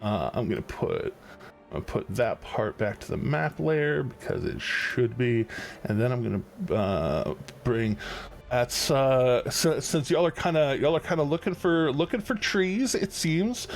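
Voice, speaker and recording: A man acts as game master for an online tabletop session, his speech slow and unhurried. He rambles loosely, full of fillers and restarts. Faint music plays under the call. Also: medium pitch, big pitch swings.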